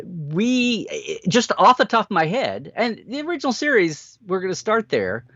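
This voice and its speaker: A man co-hosting a casual live-stream chat, jokey and quick with puns and asides. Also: a little high, no echo, muffled recording. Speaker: co-host.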